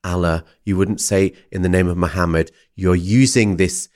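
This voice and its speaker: A man voicing his excitable, forthright older mother, who yelps in alarm and scolds sternly. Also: sits low, normal speed, natural voice. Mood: scolding.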